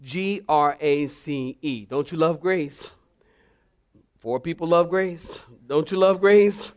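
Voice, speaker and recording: A man preaching to a church congregation as pastor, animated and humorous, breaking into mock voices and then spelling out points slowly like a teacher. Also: fairly high pitch. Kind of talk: sermon.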